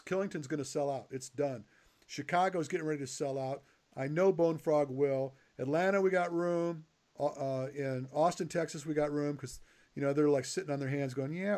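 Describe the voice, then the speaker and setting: An older man hosting a podcast in a casual, teasing chat with his guest. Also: on the high side. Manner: joking, teasing. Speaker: podcast host.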